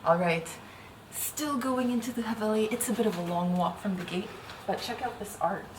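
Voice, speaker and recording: A woman's voice: medium pitch, moderate pace. Upbeat woman giving a walking hotel tour. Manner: upbeat, chatty tour guiding. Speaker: travel vlog host. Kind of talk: walking room-tour narration. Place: old haveli hotel, stairs and courtyards. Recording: noticeable background noise.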